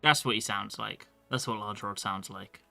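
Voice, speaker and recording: A man streams a game, chatting casually and answering chat as he plays. His voice is bright and forward, and faint music runs underneath. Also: fairly low pitch, moderate pace, gravelly. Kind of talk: live-stream gameplay commentary.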